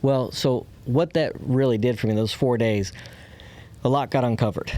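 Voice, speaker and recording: A man's voice: mid-range voice, steady tone, moderate pace, mellow. A man candidly telling a personal story as a podcast guest. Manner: candid, acts out quoted voices.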